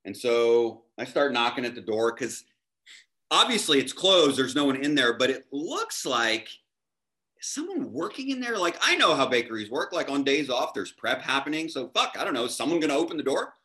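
A man's voice: mid-range voice, normal speed. A man, a chef guest, telling a story in casual chat and acting out the voices of the people in it. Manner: animated, acts out dialogue in his anecdotes.

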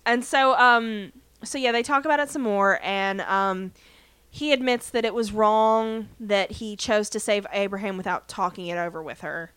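A woman's voice: medium pitch, normal speed, fairly bright tone, clean tone, no echo. A woman co-hosting a podcast, casually recapping a TV episode and playfully quoting the characters as she laughs along. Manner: chatty storyteller, quotes characters in playful voices, laughs often. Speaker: podcast co-host.

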